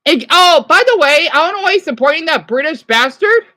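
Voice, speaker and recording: High, lively-voiced man ranting. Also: a little fast. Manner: agitated, swearing, restarts, answers chat. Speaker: livestreamer. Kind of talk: ranting live stream monologue.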